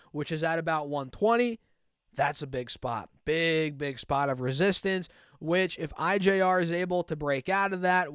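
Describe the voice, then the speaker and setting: A man's voice: on the high side, clear, resonant tone, no echo, studio quality. A young man giving casual stock chart commentary for his channel, talking straight to his viewers, with a slight cold and a voice that cracks now and then. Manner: casual, repeats "right?" and "man", speaks to "guys". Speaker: stock market YouTuber.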